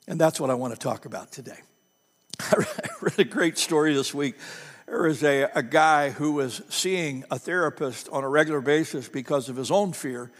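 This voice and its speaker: A man's voice: fairly high pitch, normal speed, big-room sound. A man pastor preaching a sermon in a conversational, storytelling manner, repeating key phrases for emphasis.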